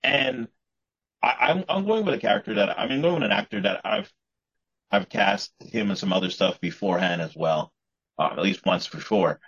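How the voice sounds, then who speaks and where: A man's voice: fairly low pitch, animated, moderate pace, fairly bright tone, husky. A man co-hosting a podcast, talking in a rambling way and often restarting his sentences. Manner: rambling, repeats and restarts words. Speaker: podcast co-host. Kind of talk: casual chat. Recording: muffled lo-fi podcast audio.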